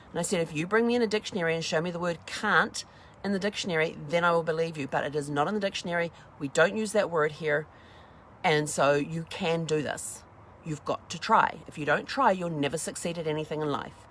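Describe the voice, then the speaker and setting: A woman's voice: fairly low pitch, slight background noise. A middle-aged woman hosting a casual motivational talk, chatty and acting out little dialogues as she goes. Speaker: host.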